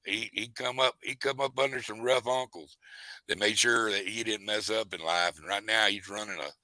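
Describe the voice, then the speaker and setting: Male host, animated yarn-spinner, bright tone, dry close sound. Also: fairly low pitch, moderate pace, no echo, poor audio. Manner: rambling, animated storyteller with folksy asides. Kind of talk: casual storytelling chat.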